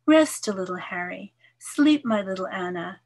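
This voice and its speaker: Older woman reading poetry, measured. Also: vocal fry, background noise. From New York, USA. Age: 70s. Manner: measured, expressive reading, soft voice dropping low on some lines. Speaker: poet. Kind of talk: poetry reading with casual asides.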